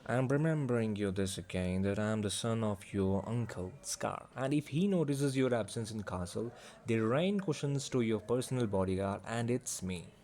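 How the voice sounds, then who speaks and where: A man's voice: fairly low pitch, animated, normal speed, darkish tone. A man voicing a loyal young angel bodyguard in a storybook reading, talking casually and stubbornly to his friend.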